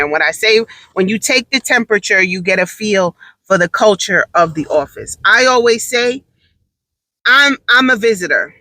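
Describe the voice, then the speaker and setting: A woman's voice: medium pitch, sharp tone, no room sound, rough recording. A woman telling a story in a casual monologue, emphatic and repeating her points for stress.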